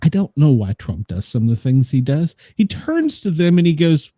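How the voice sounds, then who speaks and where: A man's voice: on the high side, sing-song, normal speed, hardly any pauses, mellow, dry recording. A man co-hosting a casual news chat show, rambling with lots of fillers and chuckles. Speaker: co-host of a daily news show; former emergency responder.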